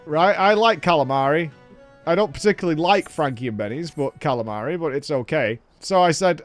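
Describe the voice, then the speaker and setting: A man in his thirties rants on a live stream with swearing and wild swings of pitch. His voice sits fairly high for a man. Faint game music plays underneath. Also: fairly quick, no room sound. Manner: animated, sweary, ranting. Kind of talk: casual stream chat.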